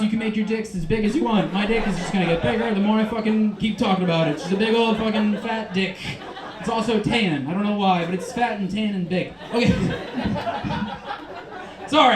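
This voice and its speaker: Manic, high-pitched stand-up comedian man. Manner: manic storytelling, shouted asides. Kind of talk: stand-up set. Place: comedy club stage. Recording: echoey club room.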